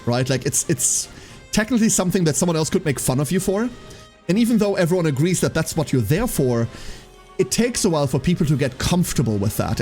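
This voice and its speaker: A man chats casually with his stream viewers, his fairly high voice swinging up and down as he tells the story. He swears freely and acts out the people he quotes. Faint music plays behind him. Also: a little mellow.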